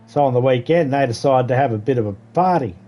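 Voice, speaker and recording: A man's voice: mid-range voice, quick pace, warm tone. Swearing man chatting casually. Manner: profane, rambling storytelling. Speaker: game streamer. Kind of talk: casual chat while gaming.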